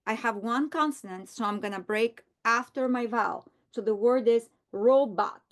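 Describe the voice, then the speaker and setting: A middle-aged woman teacher modeling a reading strategy aloud, slow and deliberate, repeating words for emphasis. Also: a little high.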